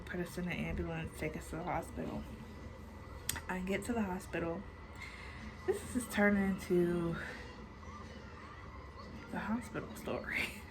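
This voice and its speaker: A woman in her twenties tells a story to her vlog audience at an unhurried, drawn-out pace. She chats casually, swears freely and leans on "like" constantly. A faint hum of room noise sits under her voice. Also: fairly low pitch. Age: 20s. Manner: chatty, swears freely, many filler likes. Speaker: storytime vlogger.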